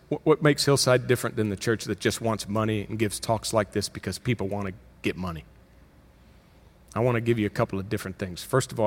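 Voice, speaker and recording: Pitched on the low side, this middle-aged pastor delivers his sermon conversationally. Emphatic upward swings mark his delivery, along with fast self-corrections.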